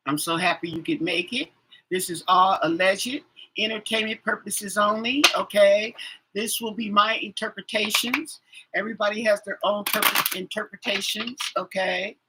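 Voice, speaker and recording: A woman's voice: mid-range voice, steady tone, moderate pace, background noise. A woman tarot reader chatting casually on a live stream, rambling with many fillers and yawning often.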